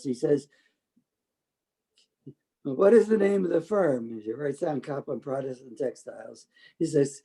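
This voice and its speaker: A man's voice: a little high, measured pace, poor audio. Older talkative New man. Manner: talkative, animated quoting of others. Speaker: interviewee telling his life story. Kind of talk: storytelling oral history.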